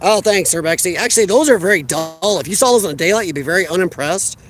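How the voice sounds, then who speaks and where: A man's voice: high-pitched, expressive, quick pace, slight background noise. A man chatting casually outdoors during a phone live stream, rambling and answering viewers' comments. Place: outdoors by a parked car.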